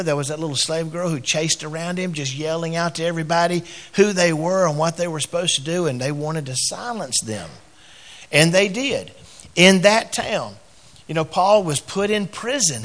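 A middle-aged man preaching a sermon as a pastor. He tells a personal story in quiet, halting phrases and grows louder and higher when he exhorts.

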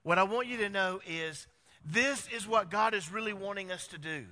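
Male pastor, sermon delivery, bright voice, long hall reverb. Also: high voice, normal speed. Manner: animated preaching with rhetorical questions.

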